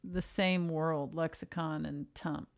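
A woman comedian co-hosting a casual podcast, teasing with a dry, deadpan manner. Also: low voice, slow, gravelly. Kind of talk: casual chat.

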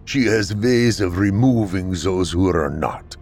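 A man's voice: low voice, lively intonation, a little slow, a little mellow, soft background music. A man voicing a stern, harsh old Russian father making a grave pronouncement.

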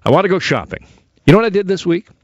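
Animated, jokey radio host. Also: male voice, sits high, racing, no echo, dull audio. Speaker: radio talk show host. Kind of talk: talk radio monologue.

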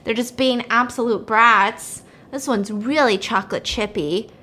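Young female host, high-pitched, animated casual storyteller. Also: a little slow. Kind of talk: casual chat while baking.

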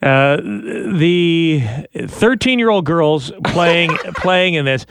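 A man hosting a podcast, chatting casually and reading news stories with easy laughs and quick asides. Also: on the high side, vocal fry, background noise. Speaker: podcast host.

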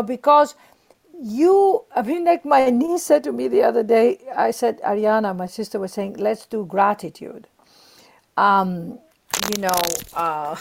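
A middle-aged woman with a somewhat high voice and plenty of vocal fry speaks as a guest in an interview. She talks earnestly and with emphasis, voicing the feelings she describes as if speaking them herself. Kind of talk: warm spiritual interview talk.

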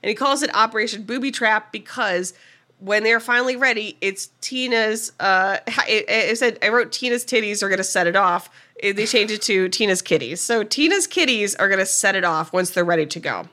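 Podcast co-host, female, bright tone, lively recap that slips into character lines. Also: mid-range voice, brisk. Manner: animated retelling, acting out character lines. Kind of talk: casual movie recap chat.

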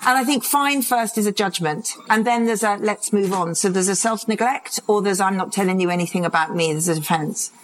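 A woman's voice: mid-range voice, brisk, hardly any pauses, slight background noise, poor audio. A woman in her fifties, a parenting and addiction expert, talking in a live interview and acting out little quotes as she goes. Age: 50s. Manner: animated storytelling with acted-out quotes and laughs. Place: conference stage.

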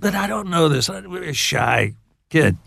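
An older man, a songwriter guest on an interview show, telling stories in a halting, laughing way. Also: on the high side, very animated, gravelly, a bit bright, no room sound, clean studio sound. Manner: halting, restarts phrases, laughs while telling. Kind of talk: casual storytelling interview.

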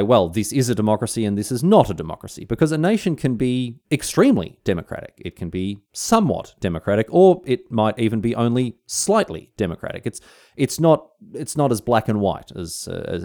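A young Australian man hosting a history podcast, explaining ideas in a scripted but jokey way with slangy asides. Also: lowish voice. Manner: lively, jokey, mock-outraged asides with slang.

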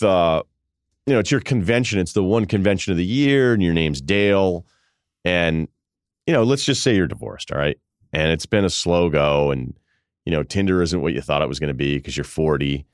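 A man's voice: deep voice, no room sound, clean studio sound. A male podcast host in his forties, telling a rambling, self-amused comic story in casual chat. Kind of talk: casual comedic monologue.

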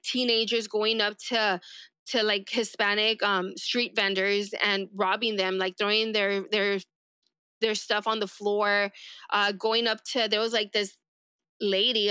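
A woman's voice: medium pitch, bright, forceful tone, clear, resonant tone, dry recording, clean studio sound. A young woman from East Los Angeles, a sheriff's deputy telling her story casually in an interview, rambling with lots of "like". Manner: rambling, heavy use of "like", acts out quoted remarks.

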